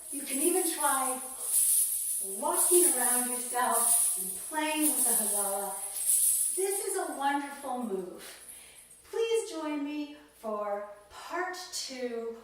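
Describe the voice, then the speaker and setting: A woman leads a belly dance class, counting beats calmly as she moves. Her voice sits a little high and she talks slowly. She is recorded from across a very echoey studio, with a faint hiss underneath. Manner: calm, counts out beats while demonstrating. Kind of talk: instructional dance lesson. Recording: echoey room, mic far off, faint noise.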